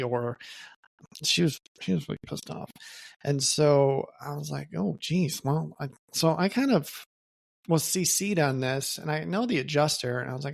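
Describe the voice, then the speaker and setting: A man's voice: a little high, measured pace, vocal fry. A man hosting his own podcast, telling a story alone in a loose, conversational way and often checking in with "okay?". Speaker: podcast host. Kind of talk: casual solo storytelling.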